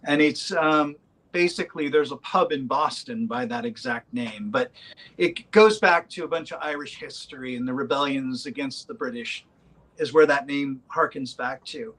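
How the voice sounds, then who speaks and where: A man in a band, talking casually in an interview, rambling with many pauses and fillers. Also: mid-range voice, fairly bright tone, poor audio. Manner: rambling, hesitant with many ums. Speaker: band member.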